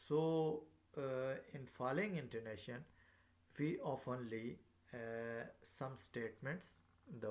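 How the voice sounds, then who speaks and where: A man teaching a recorded lecture, speaking haltingly with many fillers and repeating his phrases as he explains. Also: mid-range voice.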